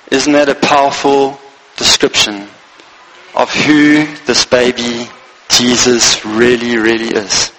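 A man's voice: mid-range voice, level tone, slow pace, fairly bright tone, slight background noise, poor audio. A man preaching a Christmas sermon as pastor, speaking earnestly in short phrases and reading scripture aloud.

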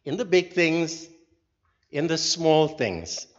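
Man, informal sermon to a group, slightly high voice, unhurried, earnest, pausing between phrases. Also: big pitch swings. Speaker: leader of a church group meeting. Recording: dull recording with long hall reverb.

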